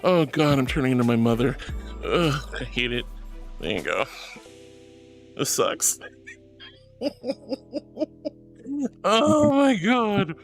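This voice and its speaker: Over soft background music, this streamer talks unhurriedly in a gravelly voice, pausing often as she reads viewer comments and calls people sweetie and honey. Her manner is animated, veering between high squeals and low mutters.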